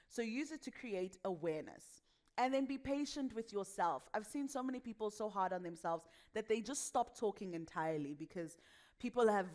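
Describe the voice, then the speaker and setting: A young adult woman with a West African accent leads a lively workshop on voice and speaking. She talks with energy and laughs often. She acts out the voices of the people she quotes. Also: medium pitch. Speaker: voice and speaking coach.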